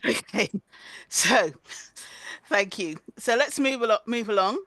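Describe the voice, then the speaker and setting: Hosting a casual online conference over a video call, a woman speaks a little slowly in a bright, high-leaning voice with lively intonation and no echo. She's chatty and giggly, repeatedly breaking into fits of laughter.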